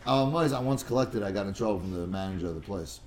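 He speaks in a low-pitched, animated voice at a quick pace, teaching a casual study class that rambles and digresses. Repeated words trip him up, and he mixes Hebrew and Aramaic terms into his talk, with a little hiss or hum present.

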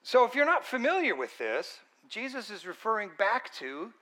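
Guy preaching a sermon, high voice, kinda tense and bright, earnest and chatty. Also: very animated, normal speed. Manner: conversational, earnest, emphatic.

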